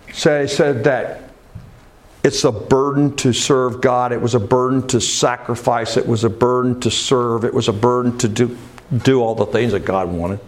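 A man preaching a sermon to a congregation, asking questions and answering them himself. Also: medium pitch. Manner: preaching with call-and-response questions. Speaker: pastor.

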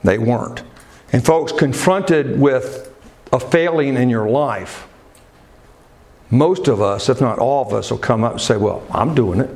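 A man's voice: mid-range voice, a little slow, a little mellow. A man delivers a sermon, stopping to ask the congregation questions and then answering them himself. He has a mid-range voice. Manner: preaching with call-and-response questions. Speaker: pastor.

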